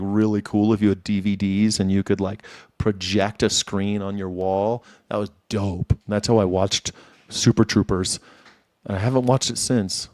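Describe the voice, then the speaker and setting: A man's voice: lowish voice, darkish tone, no echo. A man hosting a live news reaction stream, rambling in casual chat with lots of swearing and laughter. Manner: rambling, profane, laughs often. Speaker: host.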